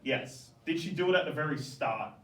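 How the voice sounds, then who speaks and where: A man's voice: on the high side, lively intonation. Man teaching a class, far off. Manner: coaxing, brisk, frequent "okay?". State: out of breath. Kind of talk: classroom feedback. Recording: echoey classroom, from far off, faint background noise.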